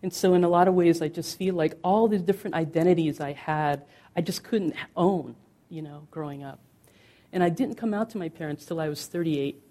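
A middle-aged woman meditation teacher speaks in a low register with a soft, warm tone. Her dharma talk is conversational and candid, peppered with fillers. She lingers slowly on the words she wants to land. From United States.

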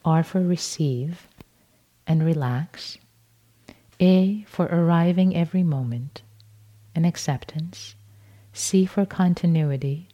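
A woman meditation teacher giving a dharma talk at a retreat, speaking gently and unhurriedly, repeating words softly and often restarting phrases. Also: fairly low pitch, takes it slowly, long pauses.

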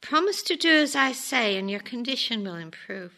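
A woman voicing a calm, wise old rabbi who gives gentle advice in a story she reads aloud. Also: on the high side, moderate pace, heavily acted. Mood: serene. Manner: grave, serene, gentle advice.

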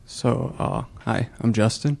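Slow, gravelly, husky-voiced man. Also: mid-range voice, darkish tone, slight background noise. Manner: hesitant, thoughtful, many fillers. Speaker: group participant. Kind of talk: reflective comment in a meditation group.

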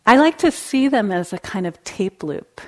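A woman meditation teacher giving a dharma talk in a gentle, conversational way, laughing lightly now and then. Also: mid-range voice, expressive, moderate pace. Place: meditation hall.

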